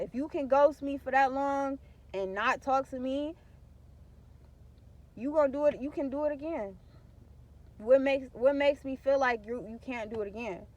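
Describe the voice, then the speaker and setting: A woman's voice: high voice, a little mellow, highs cut off. Blunt, profane young woman venting. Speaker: vlogger. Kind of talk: candid talk to camera.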